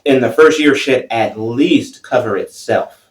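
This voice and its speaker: A man's voice: medium pitch, measured pace, distant mic. Man explaining business steps in an echoey room. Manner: explains step by step like a teacher. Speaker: podcast co-host, financial advisor. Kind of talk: casual podcast chat.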